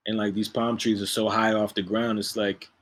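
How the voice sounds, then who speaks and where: A man, a music producer, talking in a relaxed, slangy way as an interview guest, laughing often. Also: fairly low pitch, moderate pace. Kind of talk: casual interview chat.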